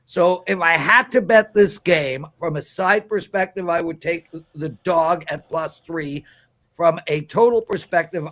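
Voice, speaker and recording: A man's voice: fairly high pitch, fairly bright tone. A man giving emphatic, preachy sports betting picks on a live show.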